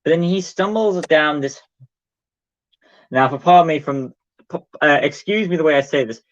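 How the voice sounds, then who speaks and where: A man's voice: on the high side, moderate pace. A young man chatting casually as a co-host ranking books, rambling and hesitant with many fillers. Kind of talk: casual livestream chat. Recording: dull lo-fi audio.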